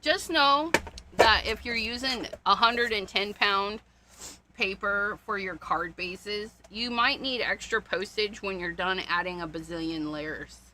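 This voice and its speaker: A woman's voice: mid-range voice, unhurried, sharp tone, slight background noise. A woman hosting a casual card-making livestream, chatting to viewers while she rummages through paper and supplies, with frequent gasps and little laughs.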